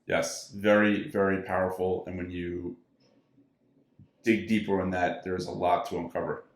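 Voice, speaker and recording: A man's voice: low-pitched, little pitch movement, measured pace. A man co-hosting a podcast, enthusiastic and musing in casual chat. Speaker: podcast co-host. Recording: echoey room.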